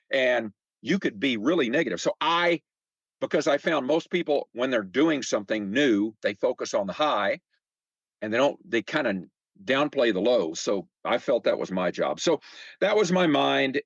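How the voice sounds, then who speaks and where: A man's voice: medium pitch, no room sound, highs cut off. A man in his seventies, a podcast guest, telling stories in a chatty, casual way, often repeating words and acting out quoted remarks. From United States. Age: 70s. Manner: frequent fillers and repeated words. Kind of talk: casual conversational storytelling.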